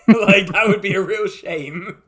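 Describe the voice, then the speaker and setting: A man narrating a tabletop game session as its dungeon master. His voice sits fairly high and sounds bright and forward. He rambles cheerfully, chuckles between lines and fills the gaps with "like" and "um". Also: takes it slowly. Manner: chuckling often, loose and rambling with many fillers.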